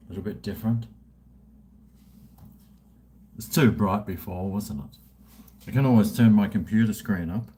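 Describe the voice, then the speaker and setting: A man's voice: lowish voice, a little fast, dark tone, slight background noise. Rambling man in his fifties. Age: 50s. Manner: chatty, self-mocking, talks to himself while drinking. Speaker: livestream host. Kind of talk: casual rambling livestream chat. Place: at home indoors.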